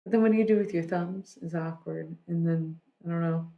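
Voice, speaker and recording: A woman's voice: fairly low pitch, fairly even intonation, fairly quick, gravelly, phone-quality sound. A woman livestreamer chatting casually with her viewers, rambling and laid-back, with lots of fillers and restarts.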